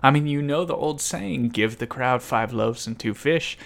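A man's voice: medium pitch, moderate pace, gravelly, a bit bright. A man voicing an exasperated, blunt male disciple who rambles and questions his teacher hesitantly. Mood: skeptical.

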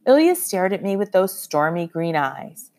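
A woman narrating a historical story in the first person, expressive and measured. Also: on the low side. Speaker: audiobook narrator.

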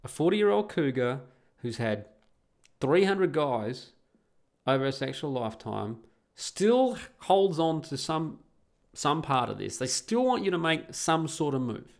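His voice leans high and gravelly, with big swings in pitch, and he keeps a measured pace. He's an Australian podcast host from Perth, recording at home and telling a crude, blunt story that rambles and keeps restarting.

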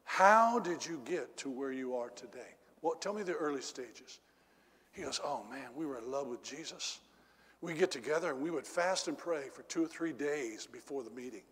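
Husky preacher in an echoey hall. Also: male voice, expressive, normal speed. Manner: swings from loud exclamations to low confiding tones. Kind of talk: storytelling sermon.

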